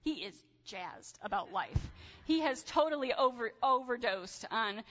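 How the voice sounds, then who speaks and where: A woman in her thirties telling a personal story in a sermon, animated and chatty with casual fillers. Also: fairly high pitch, unhurried. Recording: dull sound with long hall reverb.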